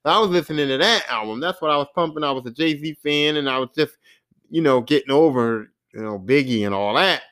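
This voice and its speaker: A man's voice: fairly high pitch, brisk, fairly bright tone. A man in his forties hosting a podcast, telling a rambling, profane, self-mocking story. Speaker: podcast host. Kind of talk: casual storytelling monologue.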